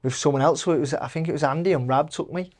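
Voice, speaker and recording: A man's voice: fairly high pitch, fast talker, darkish tone. A young man, a guest telling stories in casual podcast chat, rambling with fillers and restarts. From England. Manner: rambling, with many fillers and restarts, acting out quoted voices, laughing often. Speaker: guest, professional boxer.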